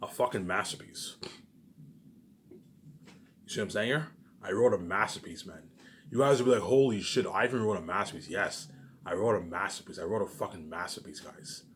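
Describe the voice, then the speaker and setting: A man's voice: low voice, normal speed, pauses often, a bit bright, slight background noise. A man rambling to his camera, boastful and repetitive, swearing freely. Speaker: vlogger. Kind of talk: casual rambling monologue to camera. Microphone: camera mic.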